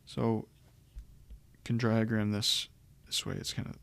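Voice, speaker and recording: A man's voice: lowish voice, little pitch movement, a little slow, gravelly, fairly bright tone. A man teaching Greek grammar in a recorded lecture, explaining step by step with frequent ums and restarts.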